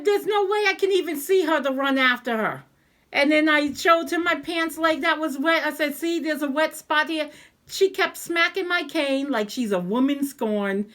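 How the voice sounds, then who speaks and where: A woman with a somewhat high voice tells a personal story in a relaxed vlog. She is animated and acts out the voices of the people she quotes. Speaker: vlogger. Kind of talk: casual storytelling.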